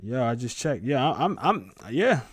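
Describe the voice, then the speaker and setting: A man's voice: medium pitch, big pitch swings, normal speed, husky, no room sound. A man in his thirties hosting a sports live stream, talking to viewers in a rambling, joking, profane way. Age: 30s. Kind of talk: casual live-stream chat.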